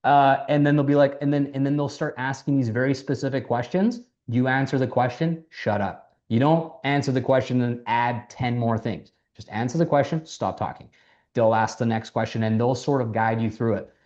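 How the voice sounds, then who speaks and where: Male mentor, mid-pitch, loose and animated, casual swearing, lo-fi sound. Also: moderate pace. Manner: animated, acts out quoted dialogue, swears casually. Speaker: mentor teaching sales. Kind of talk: casual coaching talk.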